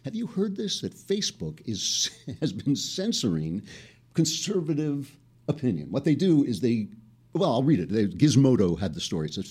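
Male show host; mocking, sarcastic comic delivery with a lively, swinging voice. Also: mid-range voice, moderate pace, breathy edge. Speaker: podcast host. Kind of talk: satirical comic monologue.

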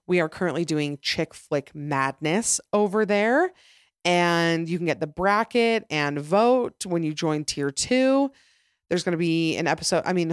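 A young adult woman with a deep voice hosts her own podcast, chatting casually on her own. She rambles in a chatty way with lots of "like" and restarts. The recording has studio quality, with no room sound.

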